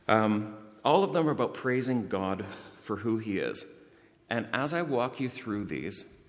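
A man preaching a sermon, telling a story in a lively way and praying in a hushed voice. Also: on the low side. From outside the United States. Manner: lively anecdotal delivery, hushed in prayer. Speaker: pastor. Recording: long hall reverb.

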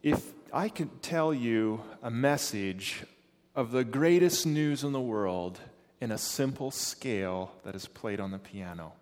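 A man playing a patient mother gently coaxing her son, in a soft, encouraging tone. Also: mid-range voice, lively intonation, measured pace, big-room sound, close to an everyday voice.

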